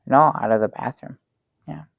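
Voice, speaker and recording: Man doing a clueless sidekick with a gravelly voice, halting and rambling, dry close sound. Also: mid-range voice, no echo, lo-fi sound. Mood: earnest. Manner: rambling, halting with many ums, sincere. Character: naive dim-witted male sidekick Bert. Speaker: show regular. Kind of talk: improv sketch comedy.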